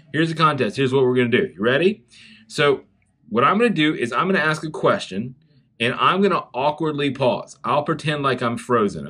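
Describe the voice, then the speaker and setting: A man with a Southern US accent, from South Carolina, giving a chapel talk to schoolchildren and telling a story in an animated way straight to the kids. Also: medium pitch, husky. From South Carolina, USA. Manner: animated storytelling, speaks directly to children.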